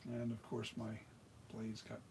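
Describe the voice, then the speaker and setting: A middle-aged South Jersey man makes a mask, chatting casually and muttering to himself as he works, rambling and restarting. His mid-range voice is monotone, creaky and darkish, at a measured pace, with slight background noise.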